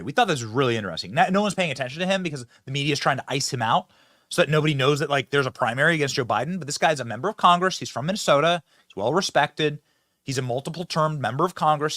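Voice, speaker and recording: A man hosting political commentary, mocking and sarcastic, swinging between loud outbursts and low asides. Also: no room sound, clean studio sound.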